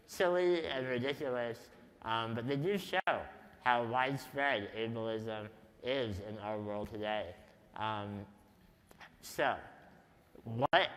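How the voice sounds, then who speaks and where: A man giving a talk at a conference, telling stories in a slow, deliberate, wry way. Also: medium pitch, a bit bright. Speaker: conference speaker. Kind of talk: storytelling talk to a live audience. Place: large conference hall. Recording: reverberant conference hall.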